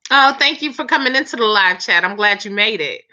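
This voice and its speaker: A hairstylist hosts a casual live chat, talking straight to her viewers in a chatty way full of laughter. Her medium-pitched voice is expressive, brisk, and bright with a forceful edge. The stream audio is dull and lo-fi.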